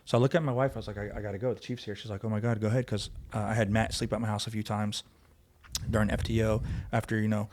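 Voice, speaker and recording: A man speaking quickly and with a low voice, recounting events with emphasis and acting out the lines of the people in the story. He sounds like a guest in a podcast studio, close to the microphone. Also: little pitch movement, a little mellow. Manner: fast, emphatic retelling, acting out quoted voices. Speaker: guest, former police officer. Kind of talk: conversational storytelling.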